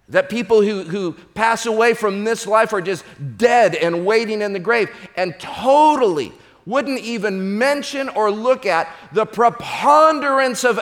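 High-voiced male pastor in an echoing hall. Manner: storytelling with a joke, animated voices for characters. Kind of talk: sermon.

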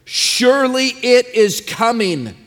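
A man's voice: very high-pitched, big pitch swings, slow pace, fairly bright tone. A man preaching a sermon and reading scripture aloud, emphatic and drawn out, with repeated phrases for stress. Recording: long hall reverb.

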